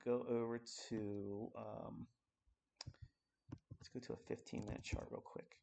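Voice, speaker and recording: A man's voice: on the low side, level tone, measured pace, creaky, background noise. Blunt, coarse man teaching live. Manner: blunt, coarse, talking while working charts. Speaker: trading educator. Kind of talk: live-streamed trading lesson.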